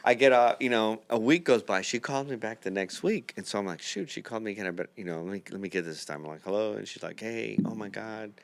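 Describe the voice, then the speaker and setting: A man's voice: lowish voice, fast talker, creaky, hardly any pauses. A man hosting a podcast, telling a long rambling anecdote full of quoted dialogue in a casual chat. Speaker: podcast host, dental builder.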